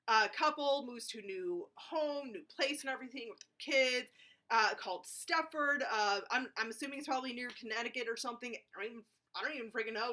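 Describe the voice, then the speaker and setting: A woman's voice: sits high, bright, forceful tone. A woman giving a rambling, casual film review, full of fillers and blunt jokes. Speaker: movie reviewer.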